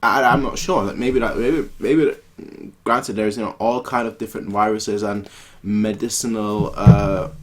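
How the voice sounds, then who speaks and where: A man's voice: on the low side, steady tone, unhurried. Man thinking aloud over a reaction. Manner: hesitant, stumbling restarts, thinking aloud. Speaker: reaction video host. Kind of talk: casual reaction commentary.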